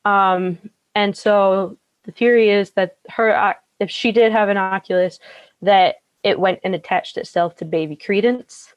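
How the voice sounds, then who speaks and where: A young woman co-hosting a podcast, chatting casually and filling pauses with ums and likes. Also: mid-range voice, steady tone, clean tone, no echo, dull audio. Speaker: podcast co-host. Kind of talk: casual chat.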